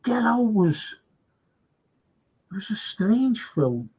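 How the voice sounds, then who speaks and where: A man hosting a casual film chat stream, excitable and reading out viewer comments. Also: high-pitched, slow, gravelly, husky. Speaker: host. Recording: dull lo-fi stream audio.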